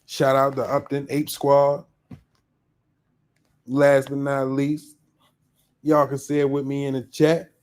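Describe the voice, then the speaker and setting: A man's voice: mid-range voice, monotone, slow pace, pauses often, a little mellow, clean tone. A man hosting a live podcast in casual chat, upbeat and slangy as he greets viewers by name. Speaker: podcast host.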